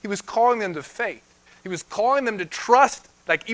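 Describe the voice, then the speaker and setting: An animated young man delivers a sermon, his voice pitched high for a man and bright with a forward edge. He laughs often and slips into quick voices for the people in the story. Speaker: pastor.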